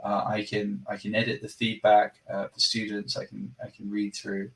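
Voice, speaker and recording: A man's voice: lowish voice, monotone, moderate pace, vocal fry, fairly bright tone, recorded from a distance. A man hosting a live product demo. He talks enthusiastically and rambles, often breaking off and correcting himself. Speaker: product presenter and company host.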